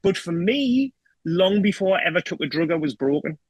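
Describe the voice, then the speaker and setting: Husky Geordie man telling his story raw. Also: sits high, lively intonation, moderate pace, dry recording, poor audio. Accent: North East England (Geordie). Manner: raw, emotional, sweary, keeps asking "do you know what I mean". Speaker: guest. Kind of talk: candid personal storytelling.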